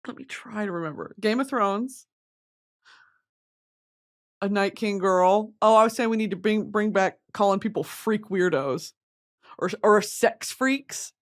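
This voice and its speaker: A woman's voice: medium pitch, unhurried, long pauses. A young woman vlogging in casual chat, rambling, gushing and giggling as she talks to her viewers.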